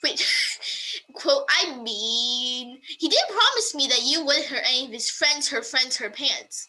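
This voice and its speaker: A woman vlogger reading a book excerpt aloud to voice typing, slow and deliberate, breaking off for amused asides. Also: high voice, lively intonation, pushed and bright, low-quality recording.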